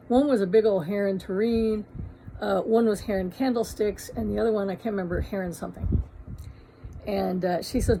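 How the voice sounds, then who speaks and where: Woman shop owner telling a funny story, mellow tone, chatty and salty. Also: mid-range voice, normal speed, vocal fry, a little hiss or hum, rough recording. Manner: lively, laughing storyteller, salty humor. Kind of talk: casual anecdote.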